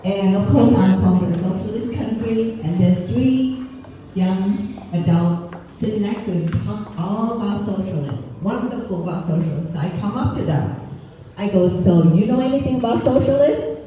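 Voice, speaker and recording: A woman's voice: mid-range voice, moderate pace, mellow. Vietnamese-accented woman, echoey and distant. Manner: storytelling, acts out dialogue. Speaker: political candidate. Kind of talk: rally speech. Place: outdoor rally in a parking lot. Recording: echoey, distant mic, faint noise.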